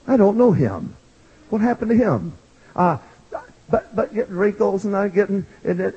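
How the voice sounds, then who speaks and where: An older man preaching in a large church, swinging from shouted pleading to quiet joking asides with a husky voice. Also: high voice, highs cut off. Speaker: pastor. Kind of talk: evangelistic sermon.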